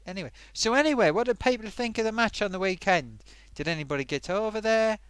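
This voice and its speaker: A man's voice: high voice, fast talker, a bit bright, clean tone, no room sound. A man hosting a live stream in a rambling, chatty, self-amused way, reading out viewer comments with lots of fillers. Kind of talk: casual live-stream chat.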